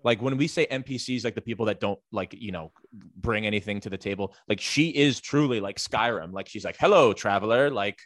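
A man with a lower-pitched voice tells a rambling teacher's story in a casual chat, piling on fillers and swearing freely. The recording is dry and close, with no room sound behind it. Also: brisk, a bit bright, no room sound. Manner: rambling, filler-heavy, profane.

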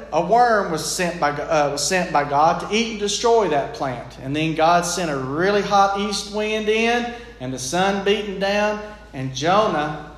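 A man preaching a sermon in an earnest, plain-spoken, folksy way. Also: a little high. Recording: echoey room.

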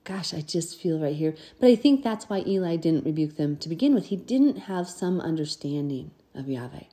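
A woman's voice: deep voice, expressive, normal speed, warm tone. A woman hosting a podcast, reading scripture and commenting in an earnest, conversational way. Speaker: podcast host.

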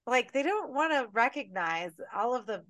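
A woman co-hosting a horror film podcast, talking casually with lively, profane rants. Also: a little high, moderate pace, no echo. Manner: animated, profane, ranting. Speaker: podcast co-host.

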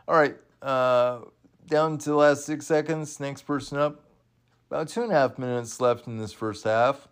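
A man casually commenting along to an old wrestling event. He often bursts into excited exclamations and laughs, then slows down, halting with fillers. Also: mid-range voice, clear, resonant tone. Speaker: watch-along host.

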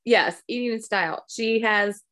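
A woman's voice: on the high side, normal speed, bright, forceful tone. A middle-aged woman, a podcast co-host and mother, telling family stories in casual, rambling chat. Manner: chatty, rambling storytelling.

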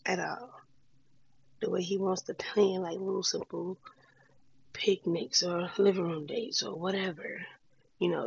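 A woman's voice: medium pitch, creaky, a little mellow, slightly rough, muffled recording. A woman talking candidly to her viewers in a casual vlog, encouraging and full of slang. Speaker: vlogger. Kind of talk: casual heartfelt talk to camera.

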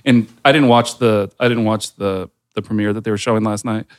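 A man's voice: lowish voice, fairly even intonation, brisk. A man hosting a pop culture podcast, chatting casually with loose, profane phrasing and plenty of fillers. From United States. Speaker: podcast host.

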